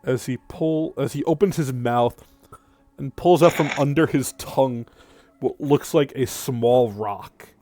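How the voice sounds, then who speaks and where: A man's voice: medium pitch, unhurried, dark tone, faint music behind. A man narrating a tabletop game as game master, describing the scene in a casual way.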